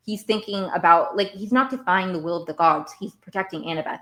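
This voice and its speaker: A woman's voice: mid-range voice, a little fast, few pauses. A woman hosting a podcast, recapping a TV episode in casual, rambling chat that often repeats itself. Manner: animated, rambling, repeats herself. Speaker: podcast host.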